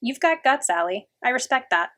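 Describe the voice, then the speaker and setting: A woman's voice: on the high side, big pitch swings, normal speed, pushed and bright, voice pushed up. A woman voicing a confident, blunt schoolgirl who speaks frankly and kindly to a classmate in a storybook reading. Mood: friendly.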